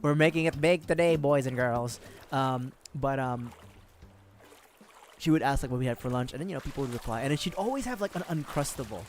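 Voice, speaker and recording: A man's voice: medium pitch, a little fast, faint music behind. A man from the Philippines chatting casually with viewers on a gaming livestream, laughing often and swearing freely as he rambles.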